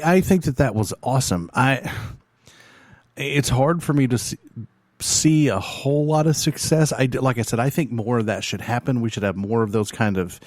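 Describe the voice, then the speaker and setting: A man's voice: mid-range voice, darkish tone, no echo. A man hosting a music show alone in a studio, chatting casually in a meandering, joking way with many fillers and restarts. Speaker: radio show host reviewing bands. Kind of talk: casual rambling chat.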